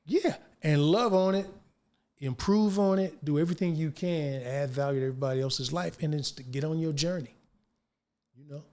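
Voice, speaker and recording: A man's voice: on the high side, normal speed. An older man, a guest actor, telling stories in a casual interview and acting out the lines of people he quotes in slangy speech. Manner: animated, acts out quoted dialogue, slangy.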